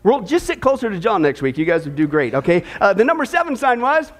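A male pastor preaching a sermon in a joking, chatty, lively way. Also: sits high, fast talker.

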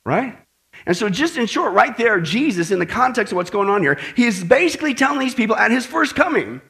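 A man preaching a sermon, animated, acting out the voices he quotes. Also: sits high, a little fast, creaky. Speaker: pastor.

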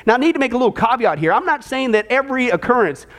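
A male pastor preaching a sermon in an animated, sarcastic way, often repeating his phrases. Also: very high-pitched, rapid-fire.

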